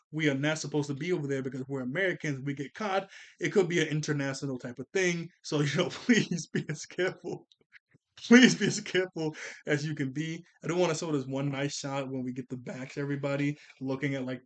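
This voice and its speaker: A man recapping a cartoon episode in casual, rambling talk, correcting himself and tired from a long day of recording. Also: fairly high pitch. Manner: rambling, self-correcting, acts out character lines in a raised voice. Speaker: show reviewer.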